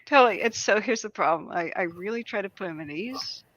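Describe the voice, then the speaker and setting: A woman guest telling a story in casual chat, animated and laughing often as she talks. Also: medium pitch, a little fast.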